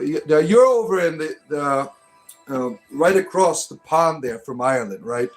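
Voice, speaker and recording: A man's voice: a little high, expressive, measured pace, faint music behind. Rambling joking man reading live chat. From United States. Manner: rambling, joking, many restarts. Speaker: livestream host reading chat comments.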